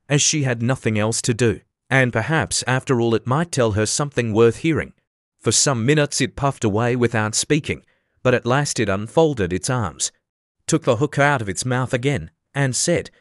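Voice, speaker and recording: A man reading a classic children's story aloud as an audiobook narrator, steady and even. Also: medium pitch, moderate pace, no echo, clean studio sound. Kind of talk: scripted narration.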